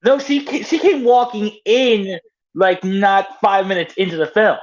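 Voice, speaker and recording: A man's voice: sits high, a little slow, highs cut off. A man co-hosting a podcast in casual chat, enthusiastic and often stammering. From North Carolina. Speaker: podcast co-host.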